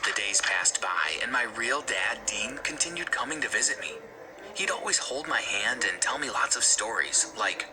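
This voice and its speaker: A man reading a scripted first-person story in an earnest, steady way for an animated video. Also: fairly low pitch, normal speed, rough recording. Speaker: narrator. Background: background music.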